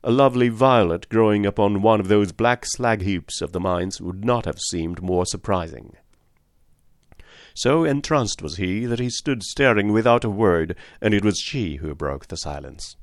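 Low-voiced male audiobook narrator. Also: animated, no room sound, studio quality. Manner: measured storytelling. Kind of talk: scripted narration.

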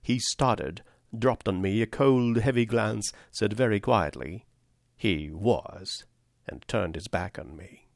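A man narrating a literary novel in a measured, grave, deliberate way. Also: on the low side, lively intonation, vocal fry, no room sound, studio quality. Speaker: audiobook narrator.

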